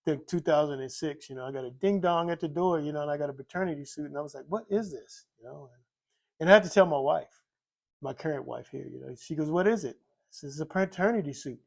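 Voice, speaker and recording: An older man with a gravelly, slightly high voice gives a candid personal testimony about drinking and recovery. He rambles, circles back to repeat his own phrases and leans on constant fillers. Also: quick pace, a little mellow. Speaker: recovering alcoholic telling his story.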